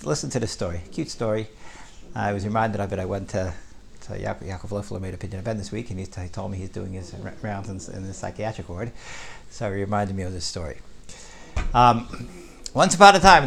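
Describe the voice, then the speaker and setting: A man's voice: medium pitch, gravelly. A man teaching a Torah class, telling a story and pressing points with frequent "right?". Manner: animated, rising with emphasis, frequent "right?".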